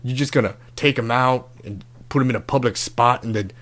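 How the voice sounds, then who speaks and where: A man's voice: mid-range voice, brisk, fairly bright tone, lightly acted. A man doing a crude, swaggering love doctor. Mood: brash. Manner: swaggering, profane slang-heavy talk. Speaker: comedy podcast host. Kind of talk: comedic podcast character bit.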